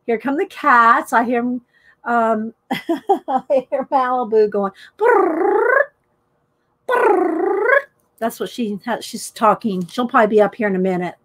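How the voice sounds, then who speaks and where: A woman's voice: fairly high pitch, moderate pace, fairly bright tone. A middle-aged woman hosting a casual live art stream, chatting and greeting viewers by name. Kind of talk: casual live-stream chat while coloring.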